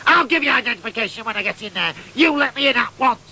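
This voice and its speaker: Bossy mum, high and shrill, as a man puts her on, nasal edge. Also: animated, quick pace, gravelly, bright, forceful tone, heavily acted. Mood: cross. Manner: bossy, scolding. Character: stern scolding northern mum.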